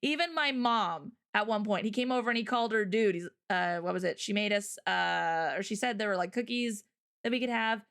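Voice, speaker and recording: A woman's voice: medium pitch, a little fast, a bit bright. A woman hosting a livestream, chatting casually and rambling through stories and viewer comments, often breaking into laughter. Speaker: livestream host.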